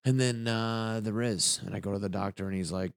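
A man's voice: lowish voice, fairly even intonation, a little fast, no echo, studio quality. A young man doing a crude, rambling stand-up comedy rant. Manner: crude, rambling, jumps into silly voices.

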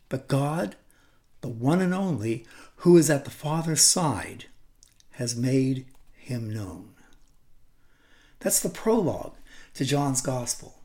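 An older man preaching a sermon, deliberate and reflective, sinking to a whisper on key phrases. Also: mid-range voice, animated, warm tone.

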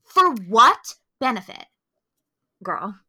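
Animated, bright-voiced woman ranting. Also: fairly high pitch, slow pace, husky. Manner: emphatic, profane ranting. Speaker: podcast co-host. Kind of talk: casual film review chat.

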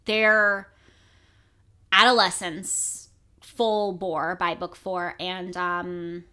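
Bright, sweary woman podcast co-host. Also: lowish voice, drawn-out words, clean tone. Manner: animated, sweary, mocking asides. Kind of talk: casual book discussion chat.

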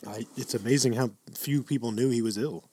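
A man's voice: mid-range voice, brisk, dark tone, a little hiss or hum. A man co-hosting a casual comedy chat, with a wry, teasing manner. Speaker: podcast co-host.

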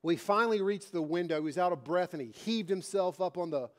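A man's voice: high-pitched, quick pace. A man preaching a sermon, repeating his phrases with emphasis and telling a story to make his point. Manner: emphatic, repetitive preaching cadence.

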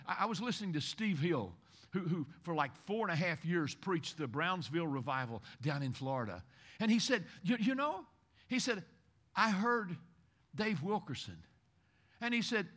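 A male pastor from Kentucky preaching a sermon, swinging from loud exhortation to hushed, intimate passages and repeating phrases for emphasis. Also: sits high, sing-song, normal speed.

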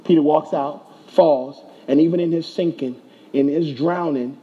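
A man with a high voice delivers a sermon, pressing his points with rhetorical questions and repetition. His tone is dark and slightly husky. The recording sounds dull and muffled. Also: measured pace. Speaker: pastor.

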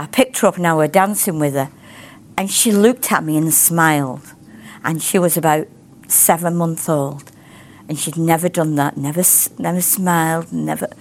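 A middle-aged woman speaks in a fairly low voice. She tells her testimony and prays in a rambling, heartfelt, emphatic way. A faint hum of background noise sits under her voice. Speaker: ministry teacher. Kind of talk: testimony and prayer.

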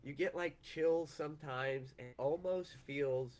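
A man co-hosting a casual podcast chat while sick, hesitant, and quick to laugh. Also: a little high, a little mellow. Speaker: podcast co-host.

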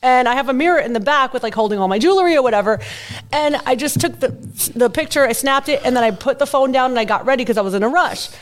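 A woman co-hosting a podcast, telling a funny story in a casual, animated way and acting out quotes. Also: fast. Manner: animated, laughing, acts out quotes in a high voice. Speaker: podcast co-host.

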